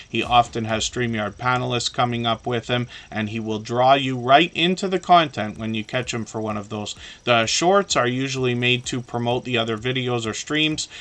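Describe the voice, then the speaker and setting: A man hosting a casual live stream, talking in a rambling, chatty way with lots of fillers and a slightly hoarse, tired voice. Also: mid-range voice, a bit bright.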